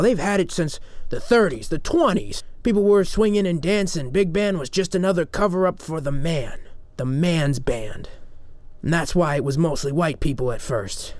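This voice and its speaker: A man's voice: a little high, darkish tone, no echo, close to an everyday voice. A man playing a paranoid, self-assured conspiracy talk-radio host who rambles and stammers, in a comedic parody.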